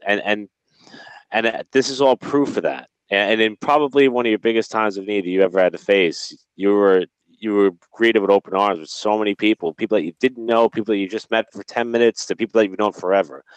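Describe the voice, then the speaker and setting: A man's voice: fairly low pitch, fairly even intonation, fairly quick, clean tone, no room sound, lo-fi sound. A man hosting a casual podcast, making earnest, reflective remarks with some restarts. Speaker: podcast host.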